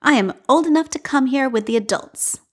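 A woman's voice: sits high, lively intonation, a little fast, voice pushed up. A woman voicing a proud, spirited young girl who speaks with offended dignity. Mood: dignified.

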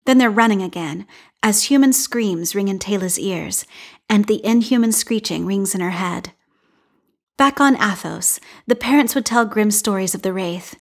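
A woman reading a fan fiction story aloud in a calm, measured narration. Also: mid-range voice. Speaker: reader.

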